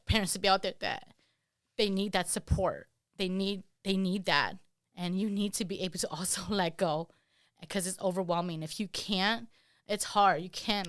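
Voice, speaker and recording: Earnest, lowish-voiced woman, dry sound. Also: a bit bright, no room sound. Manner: earnest and heartfelt, with many fillers. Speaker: guest, parent of an autistic child. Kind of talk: candid conversational interview.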